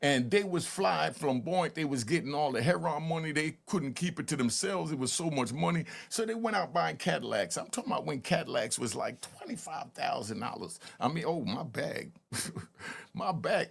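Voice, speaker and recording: A man in his fifties from Harlem with a New York accent, hosting and telling stories in a loose, animated way, often stammering on restarts. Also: mid-range voice, brisk, vocal fry, husky. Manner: animated, repeats "you know what I mean", stammers on restarts. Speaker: host. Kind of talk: casual storytelling commentary.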